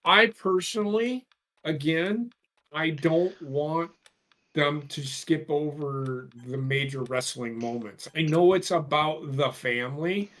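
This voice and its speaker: A man's voice: on the high side, slow, fairly bright tone. A man co-hosting a casual podcast, blunt and opinionated, swearing as he makes his point. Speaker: podcast co-host. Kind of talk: casual chat.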